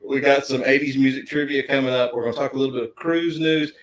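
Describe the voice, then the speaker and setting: A man's voice: medium pitch, fairly even intonation, fast talker, slight background noise, poor audio. Chatty man hosting a livestream. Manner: chatty, greets viewers by name, laughs often. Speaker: livestream co-host. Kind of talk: casual livestream chat.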